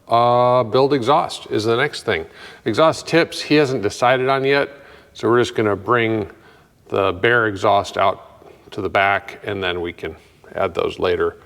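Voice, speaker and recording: A man's voice: mid-range voice, a bit bright, long reverb tail. A man walking through his progress on a customer's truck in his workshop, thinking aloud with lots of fillers and dry, self-mocking jokes. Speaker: mechanic working on a customer's truck. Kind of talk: casual workshop walkthrough.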